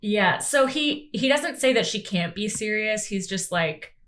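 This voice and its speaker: A woman co-hosting a casual podcast chat, chatty and quick to laugh as she adds her own notes. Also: mid-range voice, expressive, fairly bright tone. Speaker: podcast co-host.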